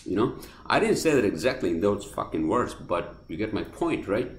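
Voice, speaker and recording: A man with a non-native accent rants on his podcast, cursing constantly and circling back over the same points. His voice sits low but leaps around with lively swings, and the room adds a noticeable echo. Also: normal speed. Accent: non-native accent of English. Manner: heated, profane, swears constantly, repeats himself. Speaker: podcast host. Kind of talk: casual monologue rant. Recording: roomy echoey room.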